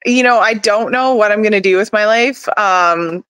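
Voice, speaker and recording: Clear-voiced frank woman in her thirties. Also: medium pitch, moderate pace, a bit bright, no echo. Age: 30s. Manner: frank and determined, plainspoken. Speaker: podcast guest, oilfield rig mover. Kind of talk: casual interview chat.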